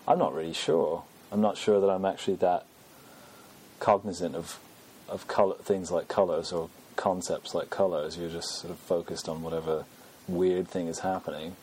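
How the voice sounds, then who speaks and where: A man with a very low voice chats casually as a podcast host. He rambles and undercuts himself with plenty of ums. Faint background hiss sits under his speech. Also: steady tone, moderate pace, darkish tone. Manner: rambling, self-deprecating, many fillers. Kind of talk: casual chat.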